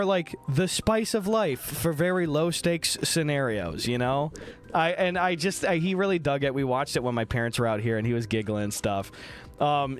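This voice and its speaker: A young man from the American Midwest chatting casually on a live stream, joking, swearing and reading viewer messages aloud. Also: a little high. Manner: animated, joking, swears a lot, reads chat aloud.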